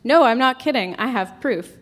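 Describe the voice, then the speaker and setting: Curious little witch girl, high-ish voice, read by a woman. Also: animated, normal speed, a bit bright. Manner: read aloud from a childhood story.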